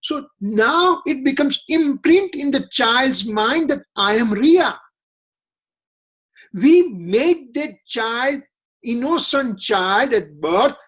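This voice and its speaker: A man's voice: high voice, husky. A man leading a religious scripture study class, earnest and repetitive, often asking rhetorical questions.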